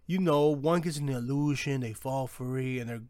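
A man's voice: mid-range voice, normal speed, a little mellow, no echo, clean studio sound. A young man co-hosting a casual chat, talking in laid-back, slangy banter.

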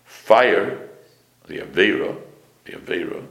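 A man teaches a class as a rabbi, his voice low and gravelly, with pronunciation. He explains Hebrew phrases, repeats key words and asks the class questions. The room adds a clear echo. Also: lively intonation, slow, fairly bright tone. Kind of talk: Torah class lecture.

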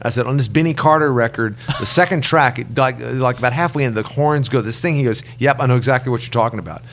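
A man's voice: mid-range voice, fast, gravelly, fairly bright tone, slight background noise. A middle-aged man, a songwriter guest, telling long rambling anecdotes and acting out the people he quotes. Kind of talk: relaxed storytelling in an interview.

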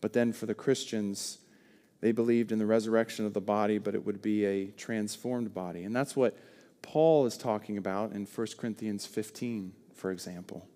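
A man preaching a sermon, earnest and shifting between loud and soft for emphasis. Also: on the low side, steady tone, moderate pace. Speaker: pastor.

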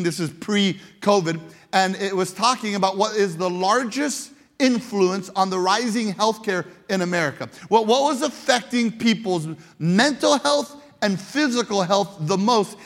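A man preaching a sermon to his congregation, animated, repeating words for emphasis and stumbling into quick restarts. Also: sits high. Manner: animated, repeats words, acts out quoted shouts. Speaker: pastor. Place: church sanctuary with congregation. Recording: long reverb of a large hall.

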